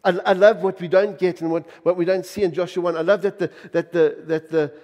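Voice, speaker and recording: Emphatic middle-aged pastor in a reverberant hall. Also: male voice, high voice, fairly even intonation, brisk. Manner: emphatic preacher, repetitive rhetorical questions, swings loud and soft. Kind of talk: sermon. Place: church. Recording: long reverb of a church hall.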